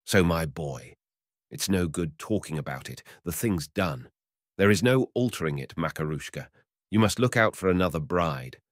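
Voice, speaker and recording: Brief: male narrator playing a smug, penny-pinching older man in a storybook; brisk, dismissive, very low voice. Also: lively intonation, no room sound, clean studio sound. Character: older man, smug miserly customer, blunt.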